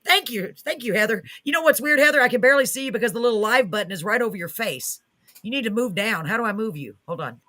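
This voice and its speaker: A woman hosting a live talk show, giggly and excitable, teasing herself in casual chat. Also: a little high, fast. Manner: giggly, excitable, self-mocking.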